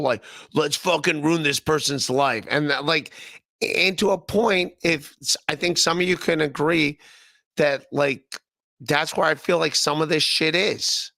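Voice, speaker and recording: Gravelly, profane podcast host from Ohio. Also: male voice, on the high side, sharp tone, no echo, clean studio sound. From Northeast Ohio. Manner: rambling, profane, laughing often, repeating himself. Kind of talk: casual livestream chat reading chat comments.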